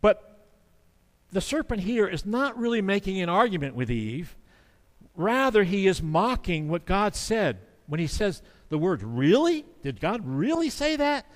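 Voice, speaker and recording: A man's voice: high voice, animated, unhurried, big-room sound. A man preaching a sermon in an earnest, conversational way, now and then acting out the quotes he discusses. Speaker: pastor.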